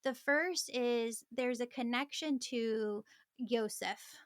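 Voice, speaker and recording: A woman, a spiritual medium appearing as a guest, calmly explaining messages she receives during a reading. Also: on the high side, slow pace, no room sound, studio quality.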